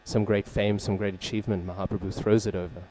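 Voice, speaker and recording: A man giving a scripture class at a temple, telling a story in a conversational way, often asking "right?" and pausing to search for names and terms. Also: lowish voice, flat delivery, warm tone. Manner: conversational, frequent "right?" check-ins and fillers. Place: temple hall.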